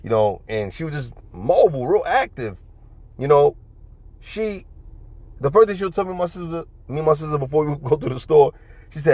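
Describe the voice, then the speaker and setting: A man's voice: fairly high pitch, lively intonation, brisk, darkish tone, no echo. A man rambling through a casual monologue, profane and repetitive, often laughing. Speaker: vlogger.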